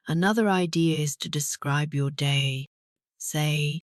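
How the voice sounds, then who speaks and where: A woman English teacher giving a scripted speaking lesson, talking clearly and encouragingly and pausing for learners to repeat. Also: sits low, no room sound, studio quality. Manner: slow, clear and encouraging, with pauses for repetition.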